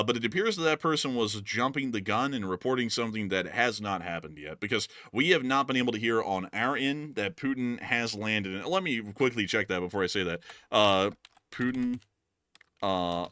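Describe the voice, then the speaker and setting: A man's voice: lowish voice, moderate pace, pushed and bright, no room sound. A man hosting a casual news livestream, joking and talking loosely with fillers. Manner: joking, puts on funny voices, fillers. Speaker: host of a war news livestream. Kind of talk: casual news commentary with jokes.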